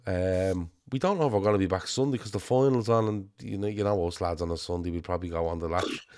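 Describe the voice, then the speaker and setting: A man's voice: sits low, fast talker, darkish tone, no echo, clean studio sound. A man with a Liverpool accent hosting a casual football podcast, chatty and rambling, swearing casually. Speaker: show host.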